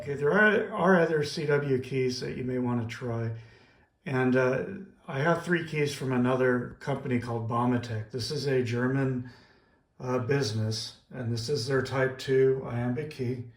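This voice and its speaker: An everyday male hobbyist with a mid-pitched voice, a ham radio operator, teaches Morse keying in a casual how-to demonstration. His delivery is plain and methodical with frequent "uh" pauses, recorded in an echoey room with faint noise.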